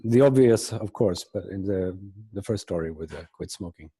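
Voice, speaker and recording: A man's voice: deep voice, normal speed, mellow, husky. A man interviewing a guest, speaking hesitantly and with appreciation. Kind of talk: casual interview talk.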